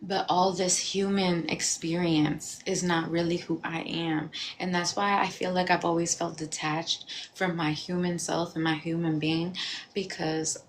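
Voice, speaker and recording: A woman's voice: fairly low pitch, a little slow, slight background noise. Candid woman talking on a livestream. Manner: candid, animated, with bursts of laughter; reflective and confessional. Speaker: livestream host. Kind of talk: casual livestream talk. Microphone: phone.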